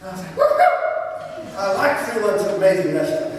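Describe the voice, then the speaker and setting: A man preaching, spinning a personal story with a wry, conversational touch. His voice sits high for a man. The sound comes from a distance and rings around a big church with a long echo. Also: racing, a little hiss or hum. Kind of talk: sermon. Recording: echoey church hall from far off, faint ambience.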